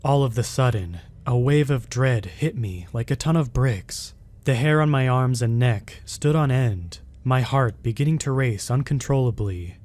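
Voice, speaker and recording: A man's voice: medium pitch, measured pace, a little mellow. Man narrating a horror story. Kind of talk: first-person scary story reading.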